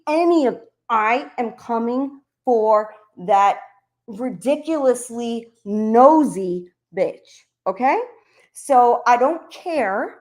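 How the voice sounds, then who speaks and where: A middle-aged woman streamer delivering an angry, profane, confrontational rant to her audience. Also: fairly high pitch. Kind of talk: heated livestream rant.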